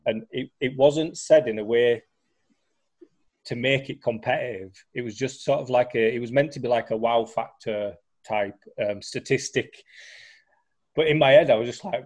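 A man's voice: mid-range voice, moderate pace. Chatty man telling a story. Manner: chatty storyteller, many fillers and restarts. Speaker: guest sharing recovery story. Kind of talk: casual conversation.

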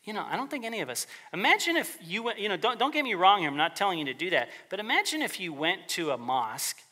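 A man's voice: sits high, sing-song, quick pace, pushed and bright. A man preaching a sermon as pastor in a conversational way, often acting out the voices of the people he quotes.

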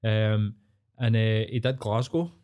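A man's voice: fairly low pitch, fairly even intonation, slow pace, darkish tone, clear, resonant tone. Jokey Glaswegian man. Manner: jokey, sweary storytelling. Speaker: podcast co-host. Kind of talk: casual chat.

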